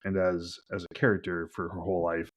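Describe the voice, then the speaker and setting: Deep-voiced male game master, loose and rambling, lots of "like" fillers. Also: level tone, brisk. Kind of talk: narrating a tabletop game.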